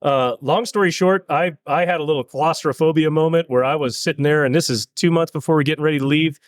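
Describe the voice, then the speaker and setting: A middle-aged man from California, a land speed racer, telling stories in a casual interview in an earnest, halting way with many restarts. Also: on the high side, no room sound.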